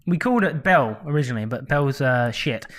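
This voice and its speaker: A man's voice: medium pitch, lively intonation, quick pace. A man, co-hosting a podcast, teasing the others and swearing freely in casual chat. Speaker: podcast co-host.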